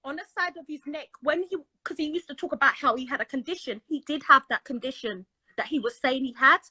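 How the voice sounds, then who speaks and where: A woman telling a dramatic personal story in an excitable, animated way. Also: high-pitched, fast, no room sound, rough recording. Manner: excitable, dramatic retelling with voices. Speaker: caller telling her story. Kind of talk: animated storytelling on a live stream.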